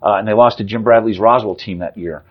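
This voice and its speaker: Fast-talking husky-voiced man. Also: lowish voice, dull audio. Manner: rapid off-the-cuff talk with frequent fillers and restarts. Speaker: sportswriter guest. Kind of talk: casual sports interview.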